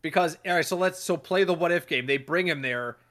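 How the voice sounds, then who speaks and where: A man hosting a casual sports podcast, talking in an animated way, swearing and acting out what other people said. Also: a little high, a little fast. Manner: animated, swears, acts out quoted voices. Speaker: podcast host.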